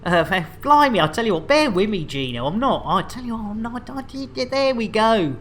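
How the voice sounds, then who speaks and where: A man's voice: high voice, sing-song, moderate pace, fairly bright tone, a little hiss or hum. A man casually bantering while streaming a game, rambling and joking with laughs. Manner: jokey, rambling, laughs a lot.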